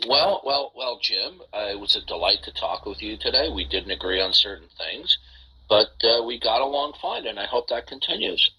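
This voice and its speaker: A man's voice: mid-range voice, expressive, moderate pace, sharp tone, breathy edge, poor audio. A man hosting a live audio chat room, who talks in bursts, repeats his words and keeps asking "okay?".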